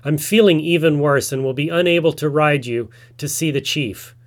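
A man's voice: a little high, normal speed, lightly acted. A man voicing a lazy, boastful male spider trickster who feigns weakness, in a told folk tale. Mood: feigning weakness.

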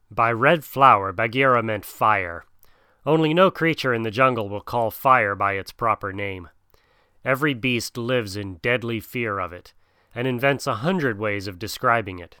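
A man narrating an audiobook in a steady, measured storytelling manner. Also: on the low side, clear, resonant tone, dry recording, studio quality.

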